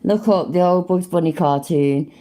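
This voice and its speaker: A woman's voice: on the low side, moderate pace, warm tone. A British woman hosting a reaction video, commenting casually in a sweary, sarcastic way and laughing often.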